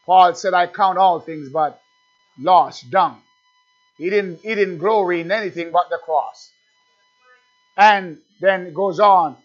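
A man's voice: high-pitched, slow pace, pauses often. A man preaching a sermon in a conversational way, often repeating words and asking his listeners questions. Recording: dull lo-fi recording with faint music.

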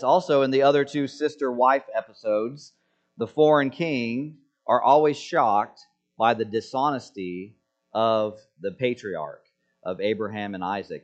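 Male preacher, mid-pitched voice, emphatic expository delivery, slightly dull recording. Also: measured pace. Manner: emphatic, rhetorical questions, swings from loud to hushed. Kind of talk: expository sermon.

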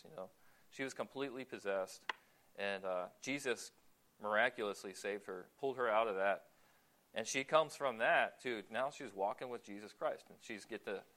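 A man preaching a sermon in a relaxed, conversational way, asking the listeners questions and pausing on fillers. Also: fairly low pitch.

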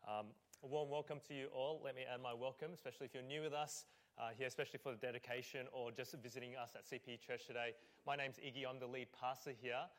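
A man's voice: mid-range voice, steady tone, fast talker, fairly bright tone. A man, a lead pastor and a parent, preaching a conversational sermon in church with frequent fillers. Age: adult parent. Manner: conversational, with fillers; acts out scenes.

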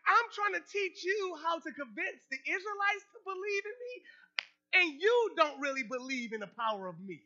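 A male preacher giving an animated sermon, calling out questions to the congregation and making playful asides. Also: very high voice. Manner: animated, call-and-response, joking asides. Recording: slightly muffled recording.

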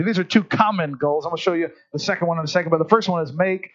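A man preaching a sermon, telling lively stories and acting out voices. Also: on the high side, rapid-fire, muffled recording. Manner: animated storytelling, acts out voices. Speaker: pastor.

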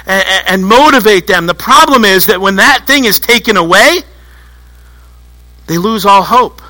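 A man preaching a sermon to a church congregation, telling stories in an animated way and acting out little voices. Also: sits high, rough recording. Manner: animated storytelling, acts out voices. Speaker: pastor.

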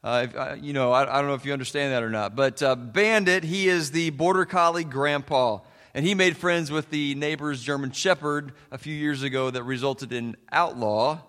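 A man's voice: mid-range voice, normal speed, few pauses, a bit bright, big-room sound. A man preaching a folksy sermon as a pastor, telling stories with plenty of fillers. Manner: folksy storytelling with many fillers.

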